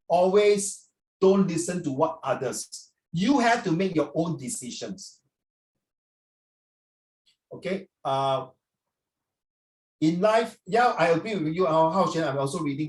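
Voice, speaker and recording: Playful teacher, roomy sound. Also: male voice, fairly high pitch. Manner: playful, teasing, peppers questions with "ah". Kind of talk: online class teaching. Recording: roomy sound, distant mic.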